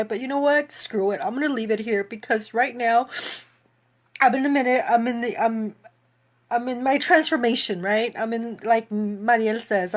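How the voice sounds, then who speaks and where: A woman's voice: fairly high pitch, a bit bright. A woman who runs a fitness business, speaking in a heartfelt, emotional way straight to her livestream viewers.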